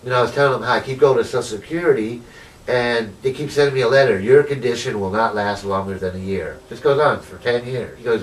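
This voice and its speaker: A formerly homeless man recounts his life story in an interview, talking fast in a mid-range voice. He rambles, says "you know" a lot, and retells what people said to him, recorded on a distant mic with slight background noise and poor audio.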